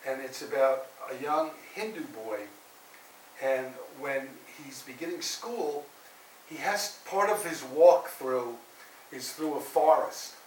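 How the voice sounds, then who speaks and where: A male minister giving a sermon, telling stories in an animated way, rising loud for drama and dropping soft for quiet lines. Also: medium pitch, slow pace. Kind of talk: sermon storytelling. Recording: roomy echo, heard from a distance, faint hiss.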